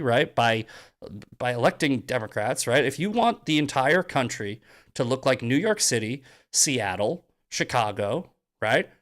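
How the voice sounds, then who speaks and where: A man hosting a political monologue on a live stream, mocking his critics, swearing and shouting at points. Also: mid-range voice. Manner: angry, profane, shouting bursts. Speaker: host.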